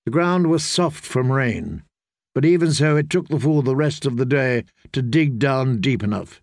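A man reading an audiobook aloud, slow and deliberate, with a gravelly texture to his fairly high voice. The recording is dry and close, with no room sound. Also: darkish tone, dry recording. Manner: measured, deliberate storytelling. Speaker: narrator. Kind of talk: audiobook narration.

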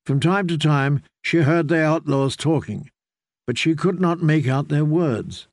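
A man reading fantasy narration for an audiobook in a measured, steady way. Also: fairly high pitch, dry recording, clean studio sound.

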